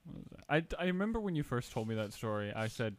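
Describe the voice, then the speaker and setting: A man's voice: medium pitch, very animated, fast. A man in casual podcast chat, teasing his co-host with wry, profane jokes.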